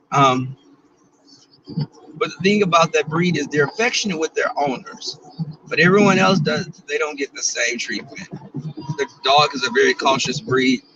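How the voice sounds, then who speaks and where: A man's voice: on the high side, recorded from a distance, lo-fi sound, background noise. A man, chatting casually and bawdily to viewers while he drives. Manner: chatty, bawdy and playful, talks to viewers and reads out their comments. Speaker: vlogger. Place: in a car.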